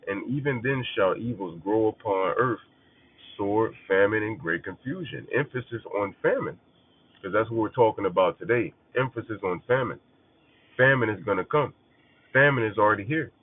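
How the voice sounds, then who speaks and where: A man's voice: fairly low pitch, a little hiss or hum. A man teaching scripture in a casual, blunt way, often swearing and hammering points by repetition. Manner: blunt, profane, emphatic repetition. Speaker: preacher. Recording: phone-like narrow band.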